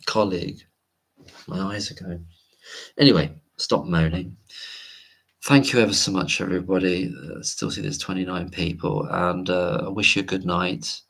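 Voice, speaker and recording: Deep gravelly man chatting late. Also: fairly bright tone. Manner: rambling, reads viewer comments aloud. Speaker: livestream host. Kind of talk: late-night casual livestream chat.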